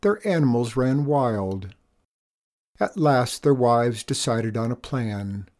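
A man narrating a children's storybook in a measured, expressive reading. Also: mid-range voice.

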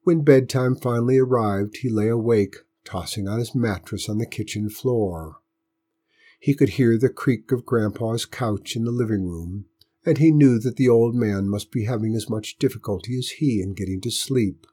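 Husky-voiced male storyteller. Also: mid-range voice. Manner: steady, measured reading. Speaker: narrator. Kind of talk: storybook reading.

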